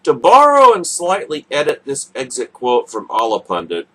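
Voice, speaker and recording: A man's voice: medium pitch, huge pitch swings, normal speed, sharp tone. A man hosting a radio show, delivering a sarcastic, mocking political commentary monologue.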